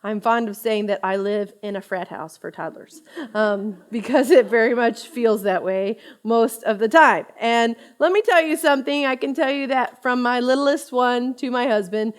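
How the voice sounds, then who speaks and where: A woman in her thirties leads a Bible study with a fairly high, bright-pitched voice. Her delivery is chatty and expressive, and she laughs easily as she teaches. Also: moderate pace.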